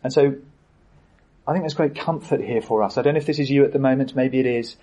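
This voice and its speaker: A man preaches a sermon from the pulpit, earnest and unhurried. His voice is husky and slightly breathy, and his speech halts often on little fillers as he gathers his thoughts. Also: medium pitch, dark tone, low-quality recording. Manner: earnest, halting with frequent fillers. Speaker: pastor.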